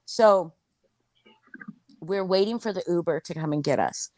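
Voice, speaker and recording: A woman telling a crude anecdote in casual chat, animated, swearing and full of fillers. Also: on the low side, measured pace, no echo. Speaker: storyteller.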